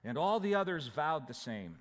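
A man preaching in a church, walking through scripture verse by verse in a plain, conversational way. His voice sits a little high for a man, and the sound trails off in the long reverb of the sanctuary. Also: very animated, moderate pace. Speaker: pastor. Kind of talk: sermon.

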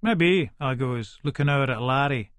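A man's voice: mid-range voice, animated, moderate pace, a bit bright, no room sound, close to an everyday voice. An actor with an Edinburgh Scots accent playing a volatile, foul-mouthed hardman who narrates his own story in an audiobook, talking aggressively and swearing constantly. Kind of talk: first-person audiobook narration.

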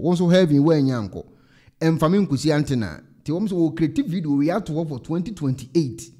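Mellow-voiced man commenting on a clip. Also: mid-range voice. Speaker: host reacting to a video.

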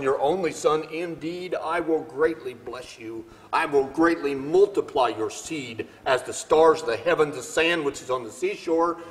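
Man preaching in a reverberant hall. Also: mid-range voice. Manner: swings from quiet to loud, emphatic preaching. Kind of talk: sermon.

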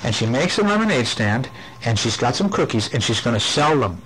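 A father reading a picture book aloud to his child at home, playful and animated, with chatty asides. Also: mid-range voice, a little fast, slight background noise, low-quality recording. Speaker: father reading a bedtime story.

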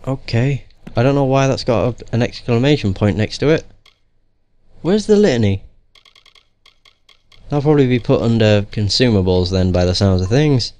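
Young man, casual gameplay commentary, sarcastic jokes, mid-pitched voice. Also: expressive, normal speed, pauses often, warm tone. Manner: joking, profane, sarcastic.

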